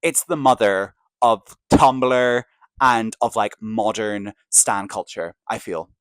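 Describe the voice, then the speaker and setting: A man's voice: on the low side, slow, a bit bright, clean tone, dry recording, rough recording. A man hosting a podcast, gushing in an enthusiastic, chatty way with plenty of fillers. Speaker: podcast host. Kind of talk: casual opinion chat.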